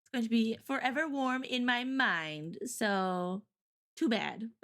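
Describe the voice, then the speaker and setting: A woman's voice: on the high side, takes it slowly, fairly bright tone. A woman co-hosting a casual morning stream, chatting and telling stories with frequent giggles. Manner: chatty storyteller, giggles often. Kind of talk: casual chat.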